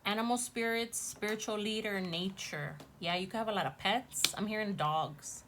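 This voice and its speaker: A woman's voice: medium pitch, normal speed, noisy background. A woman casually chatting to viewers as she gives a tarot reading, gushing and talking straight to her audience. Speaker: tarot reader.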